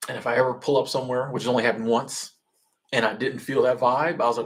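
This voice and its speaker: A man's voice: mid-range voice, steady tone, quick pace. A man from Florida, hosting a casual livestream and answering chat in a loose, rambling way full of restarts.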